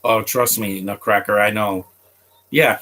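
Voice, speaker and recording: A man chatting casually to his live viewers as he reacts to a film. He rambles, trips over his words and restarts sentences often. His voice sits a little low but sounds bright and forceful. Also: steady tone, measured pace. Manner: chats directly to viewers.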